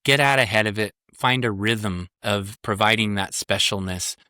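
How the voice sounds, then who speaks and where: A man's voice: lowish voice, moderate pace, bright, forceful tone, clear, resonant tone, no room sound, clean studio sound. A man, a psychotherapist and parenting coach, speaking as a podcast guest in an earnest, emphatic way that repeats key points. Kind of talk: podcast interview.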